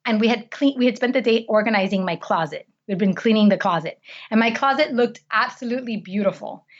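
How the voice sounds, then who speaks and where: A woman's voice: a little high, a little fast. Earnest woman telling a heartfelt story. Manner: earnest, heartfelt, frequent restarts. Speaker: podcast guest. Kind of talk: conversational storytelling. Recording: slightly dull lo-fi recording.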